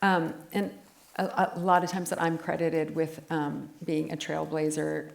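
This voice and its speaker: A woman interviewing a guest in a relaxed onstage conversation, chatting casually and affirming her guest often. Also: sits low, unhurried, creaky. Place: live talk event on stage.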